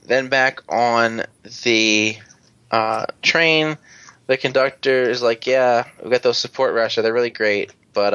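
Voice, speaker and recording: A man in casual chat, retelling an episode in a loose, rambling way and tossing in the characters' lines as he goes. His voice sits at a middling pitch. The sound is dry and a little dull. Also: fairly bright tone, smooth, no room sound. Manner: rambling, acts out characters' lines, swears freely. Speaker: podcast co-host.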